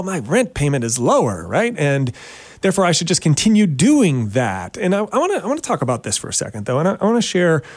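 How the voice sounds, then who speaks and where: In studio-quality audio with no room sound, a realtor hosting a weekend radio talk show jokes around and teases himself about his topic. His delivery is animated and self-mocking, with abrupt pitch jumps.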